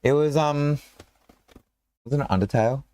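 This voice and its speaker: A man's voice: medium pitch, moderate pace, mellow, no echo. A man hosting a live stream in a casual, joking way, rambling and breaking off mid-thought. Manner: rambling, joking, self-interrupting. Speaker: stream host. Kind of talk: casual chat.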